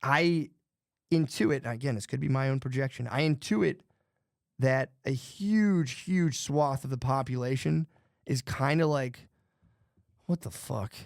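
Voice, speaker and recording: A man's voice: mid-range voice, measured pace, gravelly, no room sound, clean studio sound. A man co-hosting a podcast in casual chat, rambling and profane, jittery from too much coffee. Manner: rambling, profane, restarts often. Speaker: podcast co-host.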